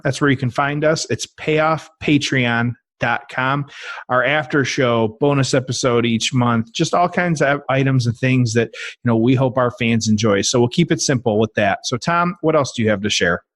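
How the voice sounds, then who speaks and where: A man co-hosting a wrestling podcast, relaxed as he runs through the show's plugs. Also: mid-range voice, dry recording. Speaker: podcast co-host. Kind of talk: casual podcast chat.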